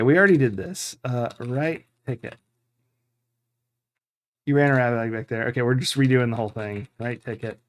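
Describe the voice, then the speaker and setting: A man streaming a game playthrough, thinking aloud and rambling with fillers as he reads the game text. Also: mid-range voice. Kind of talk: live game playthrough commentary.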